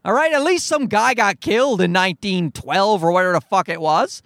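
A man's voice: sits high, brisk, vocal fry, fairly bright tone, dry recording, clean studio sound. A man hosting a solo podcast, ranting in an exasperated, profane and rambling way. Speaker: podcast host. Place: recorded at home at night.

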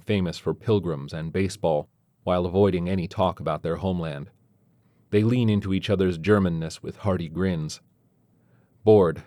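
A man reading a story aloud as narrator, keeping a steady storytelling pace with brief voiced quotes. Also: sits low, dry recording. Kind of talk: scripted narration.

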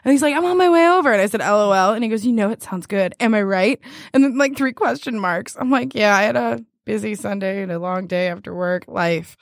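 A woman's voice: mid-range voice, a little fast, no echo, clean studio sound. A young woman co-hosting a podcast, telling a dating story in casual chat, quoting messages and laughing often. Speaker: podcast co-host.

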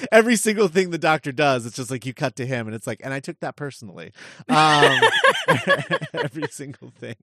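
A man's voice: fairly high pitch, wildly swooping pitch, normal speed, a bit bright, dry recording, clean studio sound. Man laughing through casual podcast chat. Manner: laughs often, frequent fillers. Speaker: podcast co-host.

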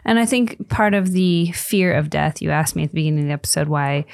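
A woman's voice: low voice, fairly quick, gravelly, no echo, studio quality. A woman co-hosting a Christian parenting podcast, talking casually about faith with frequent fillers and restarts. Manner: chatty, many fillers and restarts.

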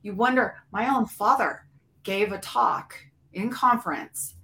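A woman's voice: medium pitch, a little slow, bright, forceful tone. A woman co-hosting a podcast, speaking earnestly and with passion in casual conversation. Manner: earnest, impassioned. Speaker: podcast co-host.

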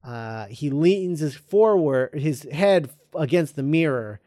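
A man casually retelling a film script as a podcast host, halting with lots of ums and uhs. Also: on the high side, dry recording, clean studio sound. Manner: halting, full of ums and uhs, reads quoted lines flatly. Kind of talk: casual chat.

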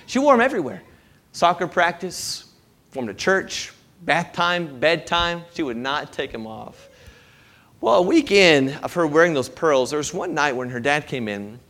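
A man's voice: fairly high pitch, creaky, a bit bright. A man preaching a sermon to his congregation, emphatic and repetitive in his delivery. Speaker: pastor.

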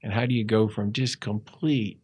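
A man telling his life story in a conversational interview, reflective and halting, with frequent restarts. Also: on the low side, steady tone, darkish tone, husky. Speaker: interview guest.

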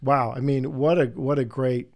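A middle-aged man hosting an interview, telling long, animated anecdotes in a casual, rambling way. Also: mid-range voice, normal speed. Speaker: podcast host.

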